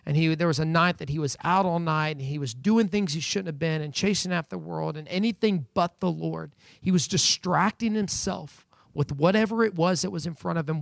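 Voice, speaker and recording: A man's voice: fairly high pitch, gravelly, no echo. A man preaching a sermon from home, speaking earnestly and building emphasis as he quotes scripture. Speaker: pastor. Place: at home during quarantine.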